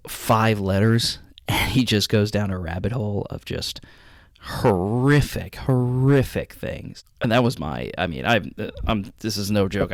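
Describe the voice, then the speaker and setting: Gravelly man, shaken reaction host. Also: fairly low pitch, no room sound, clean studio sound. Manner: rambling, halting, emotionally shaken. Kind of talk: casual reaction commentary. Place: at home at night.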